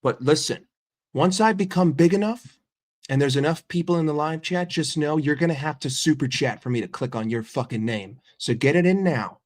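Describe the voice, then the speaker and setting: A man's voice: on the high side, normal speed. An American man in a heated, profane live-stream rant about football, sarcastic and fired up. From United States.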